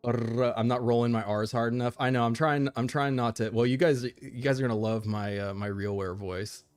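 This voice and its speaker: A man's voice: mid-range voice, steady tone, brisk, faint music behind. Chatty American man streaming a game. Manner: rambling, laughs often, restarts. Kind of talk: casual game commentary.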